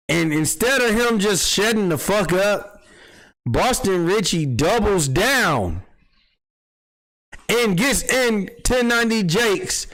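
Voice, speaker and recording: A man with a fairly high voice hosts a casual livestream talk show. He tells street gossip in an animated, profane way, acting out the people he quotes. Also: low-quality recording. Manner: animated storytelling, acts out quotes, swears freely. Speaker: podcast host.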